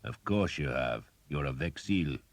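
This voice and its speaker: Gruff scarred knight in his thirties, voiced by a man, deep, harsh, growling, sour, very low pitch. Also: lively intonation, unhurried, no room sound, heavily acted.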